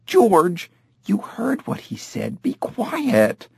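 A man voicing an anxious woman tourist who urgently hushes her companion in an audiobook reading. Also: medium pitch, huge pitch swings, extremely slow, creaky, husky, no echo, studio quality, voice pushed up, heavily acted. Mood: urgent hushing.

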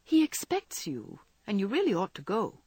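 A woman's voice: medium pitch, huge pitch swings, moderate pace, darkish tone, slightly rough, dry recording, voice pushed up. A woman voicing an earnest young woman who lectures her friend, in a storybook reading. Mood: lecturing.

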